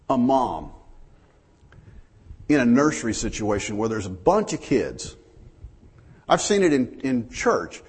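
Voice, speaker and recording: A man's voice: medium pitch, darkish tone, breathy edge. A man preaching a folksy sermon, telling stories to his congregation. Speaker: pastor.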